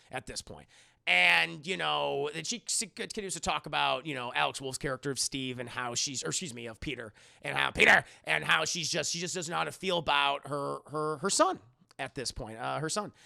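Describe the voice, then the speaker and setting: A man's voice: medium pitch, a little fast, vocal fry, bright, forceful tone, no echo, studio quality. A man reviewing a film in a casual, rambling, profane recap full of restarts. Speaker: movie reviewer.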